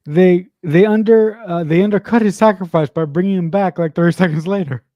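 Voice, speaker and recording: A man co-hosting a casual movie commentary, enthusiastic, halting with many fillers. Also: high-pitched, dry recording, muffled recording. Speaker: podcast co-host.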